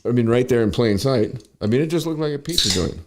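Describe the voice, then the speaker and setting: A man's voice: mid-range voice, expressive, fast, background noise. A man guesting on a podcast, telling a rambling story in a casual, profane way full of fillers.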